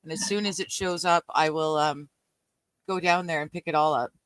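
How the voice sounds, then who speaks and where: A woman's voice: low voice, steady tone, normal speed, smooth, no echo. A woman chatting on a live stream who rambles through everyday errands with plenty of fillers. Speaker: stream guest. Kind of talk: casual live-stream chat.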